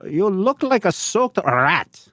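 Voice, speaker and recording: A man voicing a sneering male gate guard who talks slowly in a high, mocking voice. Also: sing-song, fairly bright tone, no echo, studio quality, heavily acted. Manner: slow, high, mocking delivery.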